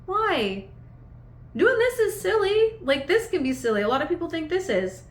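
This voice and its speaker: A woman's voice: very high-pitched, big pitch swings, normal speed. Chatty woman in an echoey room. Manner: chatty, meandering, full of "like" fillers. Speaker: vlogger. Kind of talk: casual reflective storytelling to camera. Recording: echoey room with faint ambience.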